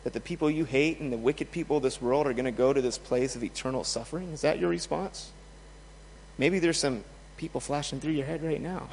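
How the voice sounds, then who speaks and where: High-voiced man preaching in a reverberant hall. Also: a little fast, creaky, a little hiss or hum. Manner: emphatic, rhetorical questions, swings loud and soft. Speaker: pastor. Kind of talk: sermon. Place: church in a large hall.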